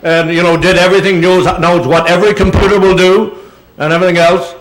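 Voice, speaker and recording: An older man giving an animated, anecdotal talk to an audience, slipping into voices as he goes. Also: sits high, fast talker, a little hiss or hum, low-quality recording. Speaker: guest speaker. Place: auditorium presentation.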